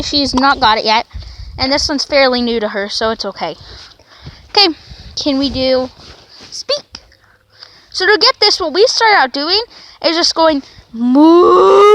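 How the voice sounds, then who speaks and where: Woman vlogger, very high voice, coaxing dog-training demo, faint background hiss. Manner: coaxing commands to a dog between explanations. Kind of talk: casual training demonstration.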